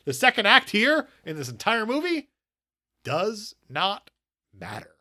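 A man's voice: high voice, wildly swooping pitch, measured pace, bright, forceful tone. A man co-hosting a podcast, recapping a movie in casual, jokey chat and arguing points with laughs. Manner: jokey, argumentative, laughs often. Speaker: podcast co-host.

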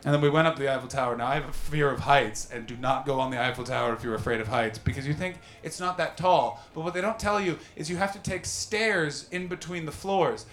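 A man in his thirties doing a stand-up comedy set, telling animated stories and teasing the crowd. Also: fairly high pitch, a little fast, hardly any pauses. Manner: animated storytelling, mocking crowd work with put-on voices. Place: comedy venue with live audience. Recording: roomy live venue echo.

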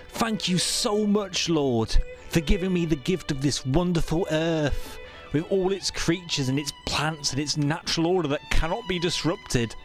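A man's voice: fairly high pitch, natural voice. A man voicing a pious, naive, prim young man who gushes with devotion and panics easily, from an audio drama clip. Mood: gushing devout. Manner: prim and effusive, rising to panicked squeals. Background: music.

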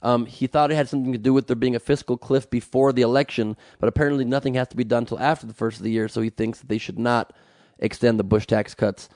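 A man co-hosting a casual chat show, riffing and joking in rapid bursts. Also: mid-range voice, steady tone, darkish tone, dry recording, clean studio sound. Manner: riffing, jokey, rapid rants. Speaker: podcast co-host.

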